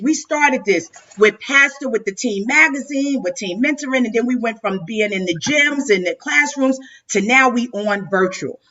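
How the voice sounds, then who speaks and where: A woman host delivers an emotional tribute over a lo-fi, muffled video call. Her tone is bright and pushing forward. She keeps circling back and repeating words in a heartfelt, effusive flow. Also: a little high. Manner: heartfelt, effusive, stumbling repetitions. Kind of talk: emotional live-stream tribute speech. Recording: dull lo-fi video call audio.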